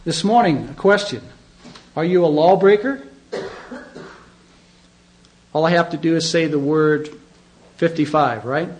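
A man's voice: a little high, moderate pace, darkish tone, low-quality recording. A middle-aged man preaching a sermon as pastor, conversational and emphatic, often asking his listeners questions.

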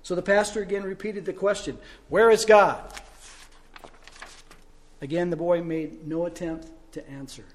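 A male pastor preaching a sermon, telling stories and asking rhetorical questions, swinging between loud and soft. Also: high-pitched, fairly quick, hardly any pauses.

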